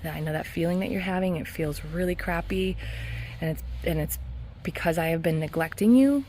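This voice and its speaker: A woman hypnotherapist talking casually in a self-help vlog, earnest and encouraging, with soft laughs. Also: lowish voice, a little fast, slight background noise. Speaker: hypnotherapist and mindset coach.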